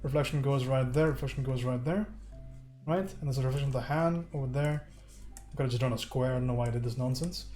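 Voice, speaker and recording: An American man streams a casual digital painting lesson, joking and chatting with viewers as he works, with soft music in the background. He speaks fast in a mellow, mid-range voice.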